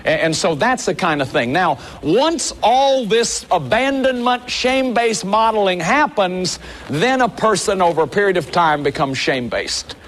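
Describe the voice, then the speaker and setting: Guy with a high voice giving an emphatic talk at a workshop, keeps saying see. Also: animated, normal speed, fairly bright tone. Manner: earnest, emphatic, often says "see" and restarts. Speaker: workshop leader. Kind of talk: lecture to an audience.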